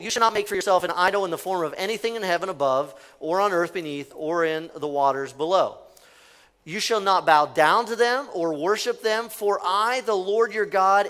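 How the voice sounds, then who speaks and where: A man's voice: sits high, fairly bright tone. A male pastor preaching a conversational sermon in a church, leading the congregation in call-and-response. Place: church sanctuary.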